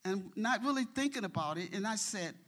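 A woman's voice: medium pitch, lively intonation, brisk, fairly bright tone. Nervous, heartfelt middle-aged church woman. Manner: heartfelt and earnest, openly nervous, praising God. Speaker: church member reading scripture. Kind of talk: church testimony before a scripture reading. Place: church sanctuary.

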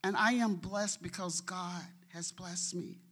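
A woman's voice: lowish voice, steady tone, unhurried, fairly bright tone. A middle-aged woman giving a heartfelt testimony in a church before reading scripture. She speaks earnestly and says openly that she is nervous. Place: church sanctuary.

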